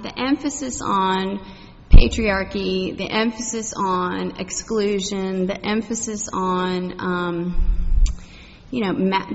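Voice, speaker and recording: This congregation member, a middle-aged woman from Texas, tells her faith story in a mid-range, somewhat bright voice. She rambles, using many fillers and asides, and the echoey, muffled hall recording carries slight background noise.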